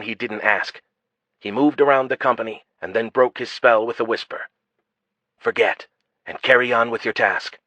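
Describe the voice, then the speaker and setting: A man narrating a fantasy audiobook in a steady, even storytelling manner. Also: medium pitch, dry recording. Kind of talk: scripted narration. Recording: dull lo-fi dry audio.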